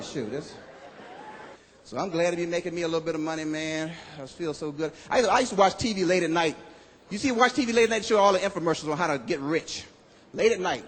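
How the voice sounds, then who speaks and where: A man performing a stand-up comedy routine on stage, animated and loud on his punchlines, acting out other people's voices. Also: sits high, a little hiss or hum. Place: comedy club stage with live audience. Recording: live hall recording with audience.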